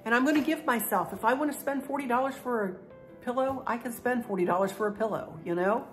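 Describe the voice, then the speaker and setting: A middle-aged woman who vlogs about crafts and home decor chats in a gushing, folksy way, getting teary and emotional and repeating herself. Her voice is slightly high and brisk, with faint music in the background.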